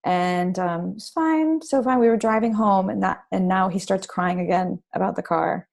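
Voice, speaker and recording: Mellow-voiced woman telling parenting stories. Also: mid-range voice, moderate pace, gravelly. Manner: animated storytelling with many restarts and fillers. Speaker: parenting author and guest. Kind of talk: casual interview conversation.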